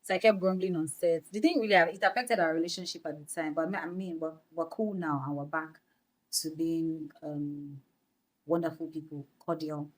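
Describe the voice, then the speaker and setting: A young Nigerian woman with a Nigerian accent, a guest on a podcast, telling her story in a lively way, slipping into Pidgin phrases and laughing. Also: sits low, moderate pace. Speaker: guest actress. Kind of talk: podcast interview.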